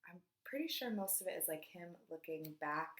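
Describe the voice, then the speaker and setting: A young woman casually chatting through her monthly book wrap-up, rambling with fillers and drifting into quiet asides. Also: on the low side, lively intonation, a little fast. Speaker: book vlogger. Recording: echoey room.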